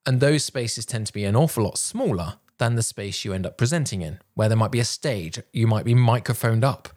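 A man coaching public speaking, talking in a projected, deliberate way with pauses, recorded on a microphone while wearing headphones. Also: on the low side, expressive, a little mellow. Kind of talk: instructional talk to camera. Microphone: headphones and a normal microphone.

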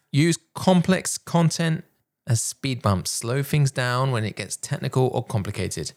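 A man coaching public speaking, talking in a projected, deliberate way with pauses, recorded on a microphone while wearing headphones. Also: mid-range voice. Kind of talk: instructional talk to camera. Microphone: headphones and a normal microphone.

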